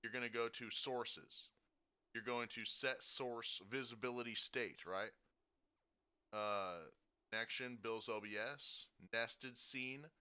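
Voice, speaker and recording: A man giving a casual software tutorial, talking through each step and checking in with frequent "okay?" and "right?". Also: mid-range voice, steady tone, takes it slowly, clean tone. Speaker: streaming tutorial host.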